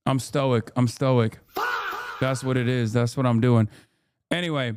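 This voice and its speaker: A man's voice: medium pitch, steady tone, normal speed, darkish tone, clean tone, no room sound, clean studio sound. A man doing live stream commentary, sarcastic and profane, rising into angry rants.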